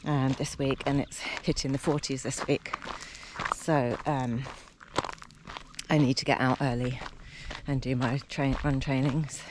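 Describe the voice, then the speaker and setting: A woman's voice: very deep voice, level tone, a little slow, noisy background. Chatty woman in her fifties vlogging outdoors. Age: 50s. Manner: chatty, talks between breaths while running. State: out of breath. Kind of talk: casual vlog while out running. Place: outdoors by a lake. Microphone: handheld camera while running.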